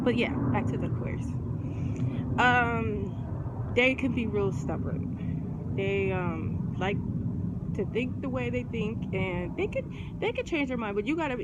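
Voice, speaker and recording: A middle-aged woman talks in a loose, rambling, slangy way, breaking into laughter often. Her pitch swings up and down freely. Steady background noise sits under her voice. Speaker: vlogger. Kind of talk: casual chat. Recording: noisy background ambience.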